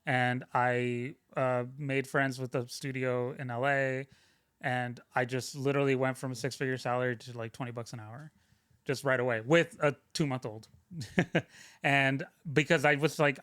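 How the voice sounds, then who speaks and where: A man's voice: mid-range voice, fairly even intonation, normal speed, fairly bright tone, smooth, no room sound. Male podcast guest, loose rambling storyteller, dead-dry booth sound. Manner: rambling, self-interrupting, frequent "like" fillers. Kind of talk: casual conversational storytelling.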